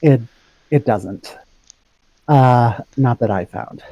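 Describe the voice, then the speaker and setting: A man playing his character in a tabletop game, earnest and soft-spoken. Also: medium pitch, slow, no room sound, low-quality recording. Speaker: player. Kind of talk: in-character tabletop role-play.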